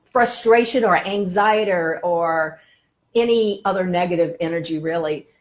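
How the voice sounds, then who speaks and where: Woman, law of attraction coach, live stream teaching, gentle, encouraging. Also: medium pitch. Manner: gentle, encouraging, greets viewers by name.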